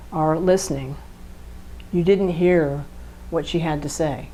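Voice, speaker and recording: A woman's voice: fairly low pitch, measured pace, slight background noise, low-quality recording. A woman co-hosting a podcast, explaining relationship communication in a conversational way, often checking in with rhetorical questions and acting out what partners say. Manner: animated, acts out quoted partners in a raised voice.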